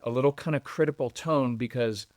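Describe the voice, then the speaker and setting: A man's voice: medium pitch, a little fast, darkish tone, no echo, studio quality. An older man speaking as a guest parenting coach on a podcast, talking in an earnest, heartfelt, rambling way. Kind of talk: podcast conversation.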